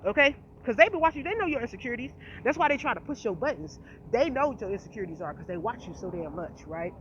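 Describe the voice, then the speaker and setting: In a casual direct-to-camera vlog, a woman rants passionately and emphatically, cursing and repeating "you feel me." She's a fast talker with a fairly high pitch, lively intonation, and a slight speech impediment. The audio is lo-fi, slightly dull, and faintly noisy.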